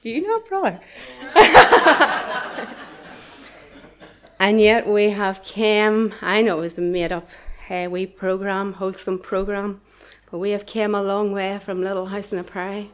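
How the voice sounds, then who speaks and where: A woman's voice: medium pitch, level tone, moderate pace, hardly any pauses, smooth. A middle-aged woman with a Northern Irish accent speaks to a church congregation. Her preaching is earnest and impassioned, and at times she falls to a near whisper. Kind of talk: preaching testimony.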